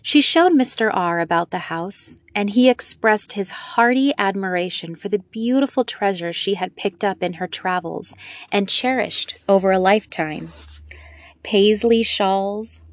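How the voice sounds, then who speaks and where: A woman's voice: medium pitch, a little slow, dry recording. A woman narrating an amateur audiobook, with informal asides to listeners. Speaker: audiobook reader.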